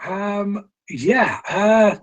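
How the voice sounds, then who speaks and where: A British man hosts a casual film review chat and speaks slowly and deliberately. He is opinionated and often stops on ums and restarts his sentences. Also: sits high, lively intonation, lo-fi sound. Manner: opinionated, frequent fillers and restarts.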